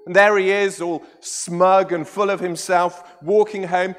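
A man preaching a sermon, retelling the story with animated storytelling and frequent tag questions to the congregation. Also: high-pitched, measured pace, few pauses. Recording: echoey church hall with long reverb.

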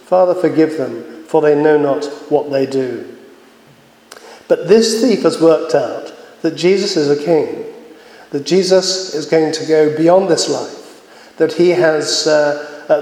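A man preaching a sermon, earnest and measured, pausing often with fillers. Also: on the high side, a little mellow. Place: church. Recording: echoey church hall with long reverb.

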